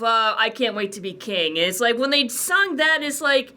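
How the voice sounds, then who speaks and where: Bright, high-voiced woman co-hosting a review. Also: lively intonation. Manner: earnest, quick to agree, laughing. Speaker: co-host. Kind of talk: casual movie review chat.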